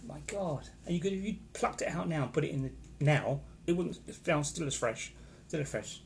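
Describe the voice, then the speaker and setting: A man's voice: on the high side, lively intonation, brisk, gravelly, hardly any pauses, slight background noise. A man chatting casually on a live stream, rambling and reacting to viewer comments from a hotel room. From England. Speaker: vlogger reading live comments.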